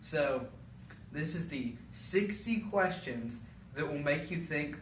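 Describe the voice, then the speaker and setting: A man's voice: a little high, expressive, takes it slowly, a bit bright, a little hiss or hum. A young man hosting a casual solo podcast from a home basement, goofy, rambling and poking fun at himself. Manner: goofy, self-mocking and rambling. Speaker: podcast host. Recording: echoey room, mic a bit far.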